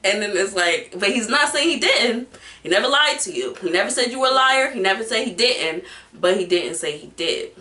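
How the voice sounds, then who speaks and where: A woman's voice: medium pitch, animated, normal speed, bright, forceful tone, roomy sound. A woman reviewing a reality show in casual, emphatic talk, swearing freely and speaking straight to her viewers. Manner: emphatic, profane, talks to viewer directly.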